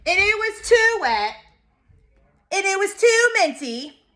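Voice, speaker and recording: A cranky little storybook girl, put on by a woman reading aloud, whining and yelling in a high voice. She stretches her words out slowly. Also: full character voice. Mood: whiny. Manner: whiny, yelling. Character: cranky defiant little girl having a bad day.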